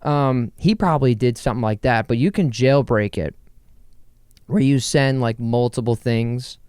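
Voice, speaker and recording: A young man hosting a casual solo podcast from his bedroom, rambling and joking with quick asides to himself. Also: mid-range voice, darkish tone, smooth, dry recording, studio quality. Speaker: podcast host.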